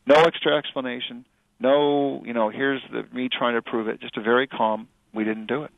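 A middle-aged male author and journalist answering interview questions in a thoughtful, halting way with many fillers and restarts. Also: medium pitch, steady tone, creaky, no echo. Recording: dry tinny phone-like radio audio.

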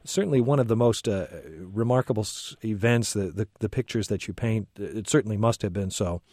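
A man hosts a radio interview and asks his questions haltingly, often restarting his words. His voice is low and mellow. The studio sound is dry and close. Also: no room sound. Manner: halting, stammered restarts when asking questions. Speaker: radio talk show host.

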